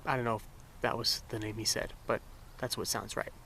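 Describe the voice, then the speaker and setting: A man's voice: lowish voice, fairly quick, gravelly. A young man vlogging from his van, telling stories casually in a rambling, laid-back way, full of filler words. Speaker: vanlife vlogger. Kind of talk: casual vlog storytelling. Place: around his van and campsite. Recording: steady road and outdoor noise behind.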